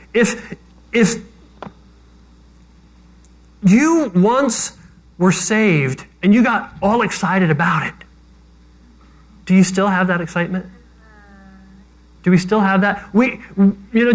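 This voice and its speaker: A man preaching a sermon as pastor, talking conversationally with self-deprecating jokes. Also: high voice.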